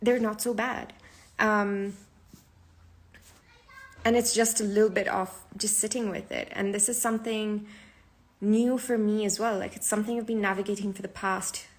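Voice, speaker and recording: Sleep-deprived, a woman hosts her podcast from a live stream, chatting casually with lots of fillers. Her voice is mid-range and steady, at a moderate pace with frequent pauses.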